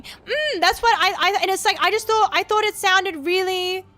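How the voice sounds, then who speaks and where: A woman's voice: extremely high pitch, animated, bright, forceful tone. A woman with an Australian accent chatting casually on her stream, rambling and restarting her sentences and swearing now and then. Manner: rambling, halting, with frequent restarts. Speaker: VTuber streamer. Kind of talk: casual live-stream chat.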